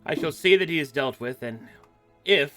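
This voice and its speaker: A man's voice: on the high side, animated, bright, forceful tone, soft background music. A man doing a stern, formal temple official. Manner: formal, measured speech.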